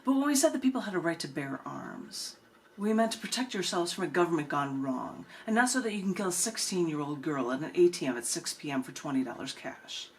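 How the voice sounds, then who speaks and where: A woman's voice: deep voice, animated, brisk, a little hiss or hum. A woman reading a blustery ghostly founding father. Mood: lecturing. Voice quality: lecturing and blustery.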